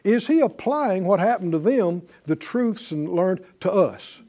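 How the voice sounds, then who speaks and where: A man's voice: high-pitched, animated, unhurried, warm tone. A man preaching a sermon, asking the congregation questions and acting out quotes. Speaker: pastor.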